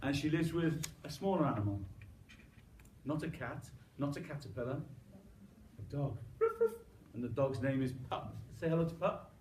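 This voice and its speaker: Animated man telling a story to a crowd. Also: on the high side, normal speed, a little hiss or hum. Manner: animated, coaxing audience to join in, with sound effects. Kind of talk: interactive live storytelling. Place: room with live audience. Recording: roomy, distant mic.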